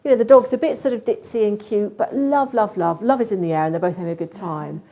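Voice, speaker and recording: A woman speaks at a conference in a mellow, warm voice. She talks in a lively, expressive way and often acts out what an animal might be thinking. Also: mid-range voice, quick pace. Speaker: conference speaker on cat behaviour. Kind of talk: conference talk.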